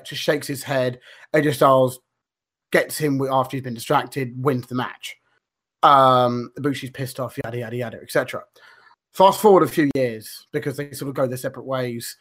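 A man chatting loosely on a podcast. He rambles, backtracks and swears freely, filling gaps with ums and uhs. His voice sits at an ordinary middle pitch. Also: fairly even intonation, normal speed, sharp tone. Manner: rambling, swears freely, many fillers and restarts. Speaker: podcast co-host. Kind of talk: casual podcast chat.

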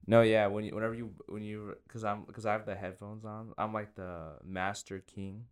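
A young man hosting a loose podcast conversation, his voice sitting a little low. He talks in halting bursts, circling back with fillers and restarts, and jokes at his own expense. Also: steady tone, smooth. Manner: halting, self-deprecating, many restarts and fillers. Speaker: podcast host. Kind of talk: casual chat.

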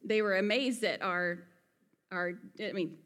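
A woman from Alabama, Southern accent and all, preaches an earnest, conversational sermon with folksy asides. Her medium-pitched voice is unhurried and a bit bright, and long hall reverb surrounds it.

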